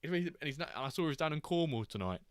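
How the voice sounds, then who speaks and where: A man's voice: a little high, very animated, rapid-fire, dry recording, clean studio sound. Chatty man hosting a live stream. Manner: chatty and jokey, reacting to chat and games as he goes. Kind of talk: casual live-stream chat.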